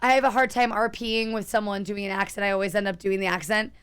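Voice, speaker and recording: Smooth-voiced woman streamer, chatty. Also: medium pitch, steady tone, fast talker. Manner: chatty, answers viewers, thinks out loud. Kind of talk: casual live-stream chat while gaming.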